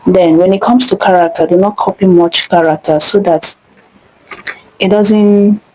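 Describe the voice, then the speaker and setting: A woman's voice: mid-range voice, fairly even intonation, unhurried, a little mellow, poor audio. A young woman hosting a screen-recorded tutorial, chatty and instructive, often repeating herself. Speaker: tutorial host.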